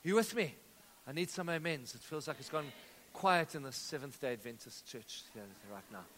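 A man preaching a sermon as pastor, energetic, calling out to the congregation and telling stories. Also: a little high, moderate pace, a little hiss or hum. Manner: energetic preaching with audience call-outs and storytelling. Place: church auditorium. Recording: long reverb of a church hall.

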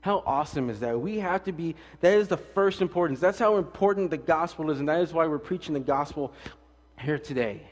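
A male pastor preaching a casual, fast-talking sermon with jokes and stories, swinging between loud emphatic lines and quiet asides. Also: a little high, animated, big-room sound.

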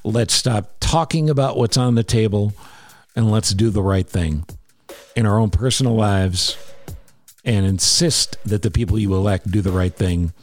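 Soft music plays behind a male podcast host speaking at a moderate pace in a lowish voice. He reads an ad and a charity plug in a chatty, emphatic style, repeating what matters. No room sound is audible.

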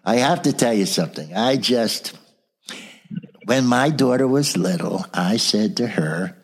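A man's voice: on the low side, unhurried, slightly rough. An older man, a motivational speaker and trainer telling anecdotes in a casual interview, acting out the people in his stories. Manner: animated storyteller who acts out the voices in his anecdotes.

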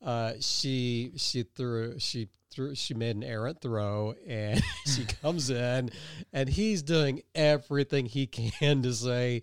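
A man's voice: medium pitch, slow, smooth, no room sound. Guy co-hosting a podcast, rambly and laughing a lot, dry close sound. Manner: rambling, laughs often, self-deprecating. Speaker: podcast co-host. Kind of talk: casual chat.

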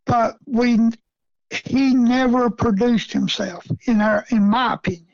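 A middle-aged man with a gravelly, creaky voice tells a story in a casual interview. His way of talking is folksy, with rural grammar and frequent chuckles. The recording is dry and close, with a dull, lo-fi sound. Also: very high voice, a little slow, no room sound. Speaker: rabbit hunting guest.

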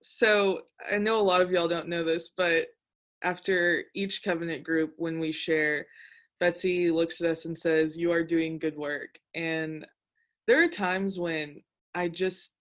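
A woman hosting a podcast in casual chat, gushing with thanks and filling pauses with ums. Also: on the low side, fairly even intonation. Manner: gushing, warm thanks with fillers. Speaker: podcast host.

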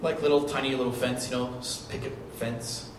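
A man's voice: medium pitch, flat delivery, fairly quick. A man preaching a sermon as pastor, talking in a conversational storytelling way with restarts and repeated phrases. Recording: echoey hall recording from a distance with faint noise.

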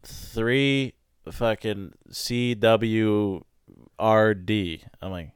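A man from Maine telling racing stories in casual chat, animated and swearing often. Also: on the low side, drawn-out words, clean tone, dry recording, studio quality.

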